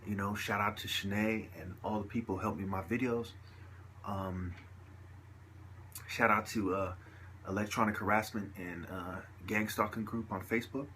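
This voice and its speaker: A man's voice: on the low side, steady tone, normal speed, sharp tone, a little hiss or hum. A man giving a rambling casual monologue as a vlogger, talking in slang and checking in with "you dig" and "you understand me".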